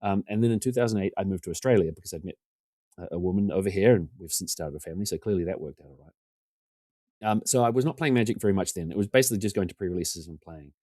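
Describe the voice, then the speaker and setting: Man, 40s, podcast guest, low voice, quick talker, self-deprecating, casual storytelling. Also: dry recording, clean studio sound. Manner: self-deprecating, animated when quoting others.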